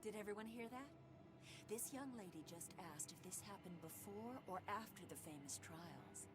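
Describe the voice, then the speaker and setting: A woman's voice: medium pitch, expressive, moderate pace, close to an everyday voice. A woman playing a chatty female tour guide. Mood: enthusiastic. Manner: chatty, addressing a tour group. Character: cheerful adult female graveyard tour guide. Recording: game audio under loud background noise.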